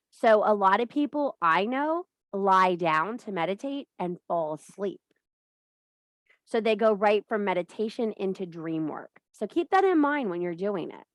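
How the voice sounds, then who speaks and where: Lively, bawdy woman hosting a witchy chat. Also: medium pitch, no room sound. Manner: bawdy, swears freely, laughs often at her own jokes. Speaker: host of a witchcraft and wellness group. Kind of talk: casual spiritual coaching talk.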